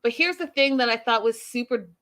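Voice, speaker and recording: A woman's voice: a little high, brisk, a bit bright. A woman hosting a reality show recap stream, chatting casually with her live audience and laughing often.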